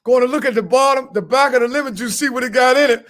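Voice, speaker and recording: A man's voice: extremely high pitch, fast, a bit bright. A man co-hosting a comedy podcast, giving crude advice in a boastful, repetitive way and laughing at his own jokes. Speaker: podcast co-host.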